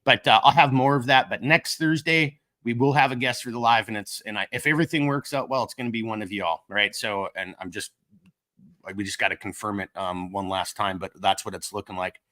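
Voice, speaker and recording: A man's voice: on the low side, fairly even intonation, brisk, pushed and bright. A middle-aged man with a Minnesotan accent, coming down with a cold, rambling casually and joking at his own expense as he hosts a livestream. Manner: rambling, self-deprecating, joking. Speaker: livestream host of a gear company channel.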